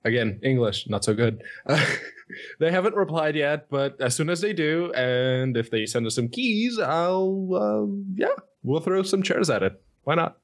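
A man's voice: fairly high pitch, very animated, measured pace. A man from Portugal, co-hosting a gaming podcast in casual chat, hesitant and self-deprecating. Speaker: podcast co-host.

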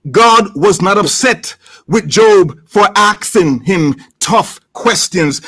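A man preaches a sermon in a church with a strikingly high voice. He takes his time, speaking slowly and deliberately. He stacks up repeated phrases with rising emphasis. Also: lively intonation, a bit bright, slightly rough. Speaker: pastor.

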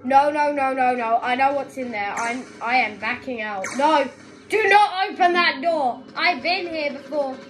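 A young woman giving excitable gaming commentary, often yelling at other players. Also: high voice, moderate pace, hardly any pauses, background noise. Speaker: gaming video creator. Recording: gameplay with music behind.

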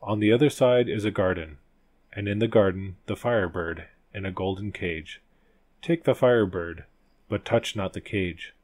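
A man voicing an old grey wolf, a gruff but kindly talking beast in a storybook, who speaks in solemn archaic phrases. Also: on the low side, normal speed, a little mellow, natural voice. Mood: commanding.

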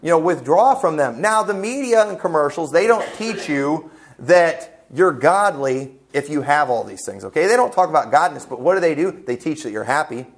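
A man's voice: a little high, expressive, moderate pace. A man preaching a fervent, blunt sermon as pastor, quoting scripture with asides to the congregation. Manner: quotes scripture. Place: church sanctuary.

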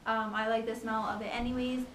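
Fast-talking young woman, chatty and bright. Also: on the high side, level tone, slight background noise. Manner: fast, chatty, many ums and likes. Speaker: pregnancy vlogger. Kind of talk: casual chat. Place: at home.

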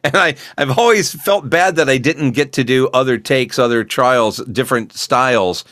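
A man's voice: medium pitch, moderate pace, fairly bright tone. A laid-back man, a voice actor, telling long rambling stories in a casual interview over a video call. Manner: laid-back rambling storyteller, acts out quoted lines. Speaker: voice actor guest. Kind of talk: casual storytelling chat.

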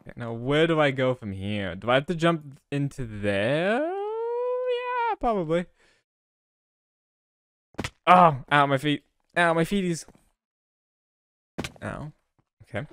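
A man's voice: fairly high pitch, expressive, a little slow, long pauses, a bit bright, dry recording. A man giving casual gameplay commentary to his viewers, talking to himself, often frustrated and stumbling over restarts. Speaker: gaming YouTuber.

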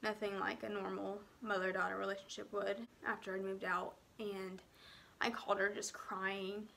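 A young woman tells her own story in an emotional vlog. She sounds close to tears and speaks haltingly, often dropping to a near whisper and filling pauses with "um" and "like.". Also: mid-range voice, level tone, gravelly, bright, forceful tone, slight background noise. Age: young adult. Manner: frequent "um" and "like" fillers.

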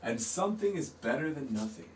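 A man's voice: medium pitch, sing-song, brisk, darkish tone, far from the mic, slight background noise. A man hosting a live stream, laid-back and chatty, reading out and answering chat while he draws. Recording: roomy, off-mic, faint guitar music.

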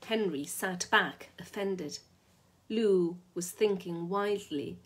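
Husky low-voiced woman reading a story. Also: slow pace. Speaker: reader.

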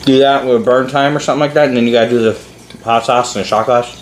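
A man's voice: mid-range voice, fairly even intonation, quick pace, a little hiss or hum. A man hosting a challenge channel, chatting casually in a laid-back, rambling way with lots of fillers. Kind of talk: casual chat. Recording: echoey room.

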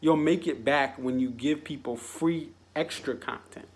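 A man's voice: mid-range voice, unhurried, slight background noise. A man vlogging an exasperated opinion rant, stumbling into frequent restarts as he piles up his points.

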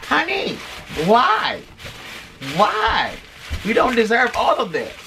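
A woman co-hosting a vlog, excitedly unboxing gifts with lots of drawn-out oohs, and a little hoarse from losing her voice. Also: on the high side, noisy background. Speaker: vlog co-host. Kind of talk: casual unboxing chat.

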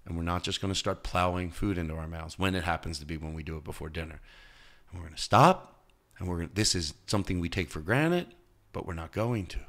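A male comedian talking as a podcast guest, telling stories in an animated way and jumping into high, loud voices when he quotes people. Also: fast talker. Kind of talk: casual interview chat.

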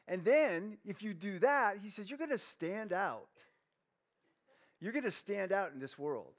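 A man's voice: high voice, very animated, a little slow. A man preaching a sermon as pastor, joking with himself and reading scripture aloud. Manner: playful, self-mocking, reads scripture aloud. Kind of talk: humorous sermon.

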